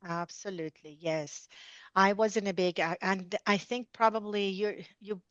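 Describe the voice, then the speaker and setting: A middle-aged woman, a dentist guest on an interview podcast, telling her stories in an animated way, with many asides. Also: mid-range voice, unhurried, no echo. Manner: animated storyteller, many "you know" asides. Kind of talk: conversational storytelling interview. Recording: dull lo-fi dry sound.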